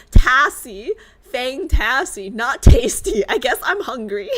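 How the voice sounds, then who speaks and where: A young woman streaming a game live, chatting in an animated, exasperated, rambling way. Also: mid-range voice.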